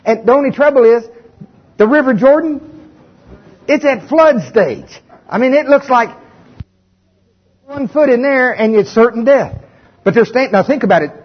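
A male pastor preaching a sermon with animated, folksy storytelling and humor, in a dull lo-fi recording. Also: extremely high pitch, normal speed, long pauses, slightly rough.

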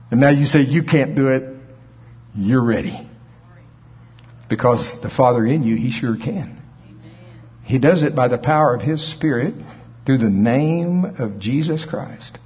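A man preaching a sermon in a folksy, animated way, acting out scripture scenes in different voices. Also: medium pitch, slightly rough. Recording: dull lo-fi recording.

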